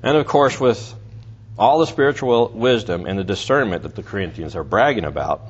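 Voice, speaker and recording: A man's voice: on the low side, animated, a little fast, breathy edge. A man teaching through a Bible passage in a conversational way, with restarts and asides. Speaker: preacher. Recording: dull lo-fi recording with faint noise.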